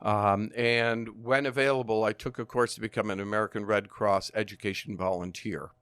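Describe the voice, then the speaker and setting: An older man, a former firefighter and nurse, telling his story in an interview in an earnest, measured way with frequent ums and uhs. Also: fairly low pitch, fairly even intonation, a bit bright, clear, resonant tone, no room sound.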